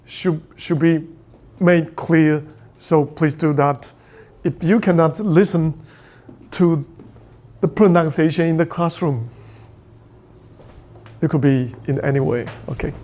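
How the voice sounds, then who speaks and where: A man's voice: on the high side, a little mellow. A middle-aged man with a Taiwanese Mandarin accent, a native Mandarin speaker teaching a university class in English, who keeps repeating "please" and "okay?". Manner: repetitive, pleading "please" and "okay?", switching between English and Mandarin. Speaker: physics lecturer. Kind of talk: classroom instruction.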